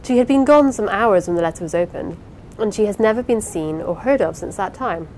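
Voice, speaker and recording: A woman reading the part of a lively, affectionate young wife in an audiobook, eager and playful. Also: mid-range voice, brisk, slight background noise, lightly acted, poor audio. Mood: earnest.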